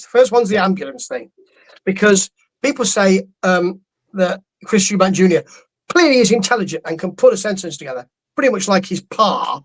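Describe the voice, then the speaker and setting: A man's voice: sits high, poor audio. Rambling, amused male podcast co-host. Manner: rambling, amused, stumbles and restarts. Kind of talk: casual boxing podcast chat.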